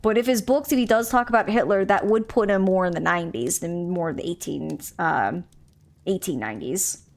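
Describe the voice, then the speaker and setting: A woman's voice: on the low side, a little fast, creaky. Chatty woman streaming a mystery game. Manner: chatty, musing, stumbles over names. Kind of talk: casual gameplay commentary, reading in-game text aloud.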